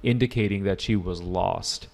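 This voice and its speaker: A man with a low, gravelly voice leads a test prep class. He talks casually and jokes as he explains answers and responds to student questions. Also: normal speed, a little mellow. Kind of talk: live online class.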